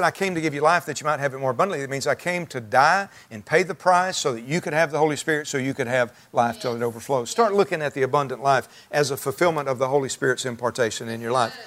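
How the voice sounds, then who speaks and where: A man's voice: mid-range voice, a bit bright. A man preaching a sermon to his church, talking in a conversational, folksy way with frequent restarts. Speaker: pastor.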